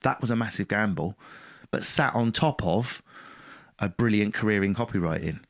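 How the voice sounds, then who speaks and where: Lowish-voiced man, blunt and lively. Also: moderate pace. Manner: blunt, swears freely, lively and self-mocking. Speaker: podcast guest, stand-up comedian. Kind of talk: casual interview storytelling.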